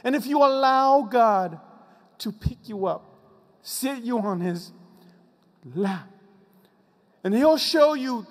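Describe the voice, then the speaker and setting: A man giving an inspirational commencement speech, emphatic, sinking low and slow on his repeated refrains. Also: expressive. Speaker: commencement speaker. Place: graduation ceremony venue. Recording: long reverb of a large venue.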